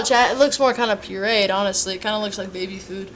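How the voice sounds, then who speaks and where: A young woman, tired but playful, cooks on a livestream in her home kitchen and chats to viewers in a rambling way with sing-song asides. She speaks at a quick pace in a medium-pitched voice. Behind her is a noisy background of clear kitchen clatter.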